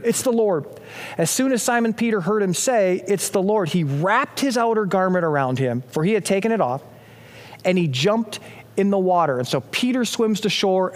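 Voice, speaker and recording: A man preaching a sermon as pastor, retelling a story with animated storytelling and acted-out quoted lines. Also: sits high, big-room sound.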